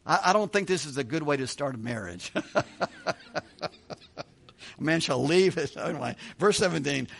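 A man's voice: sits high, vocal fry, fairly bright tone. A man preaching verse by verse through a Bible passage, reading aloud and adding casual, joking asides. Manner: conversational, joking asides, chuckles often. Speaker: pastor.

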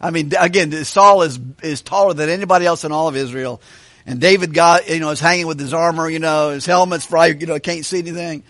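A male pastor with a fairly high voice gives a Bible study sermon. His delivery is animated, and he keeps asking questions of the listeners. The sound is close and dry. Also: quick pace, no room sound. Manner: animated, asks questions of the congregation. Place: church hall with a kitchen.

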